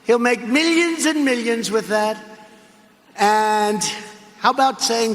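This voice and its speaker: Older male politician, rally speech, rambling and repetitive; high, forceful voice in a reverberant arena. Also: lively intonation, slow. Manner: rambling, repetitive, mocking asides. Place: large arena or hall. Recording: echoey arena rally clip with faint noise.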